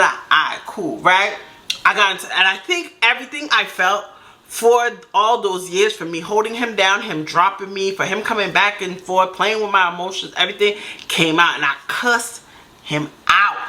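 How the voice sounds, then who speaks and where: A woman telling a personal story to camera in a casual, animated way, acting out what others said. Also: mid-range voice, normal speed. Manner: animated, acts out quotes in voices. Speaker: storytime vlogger.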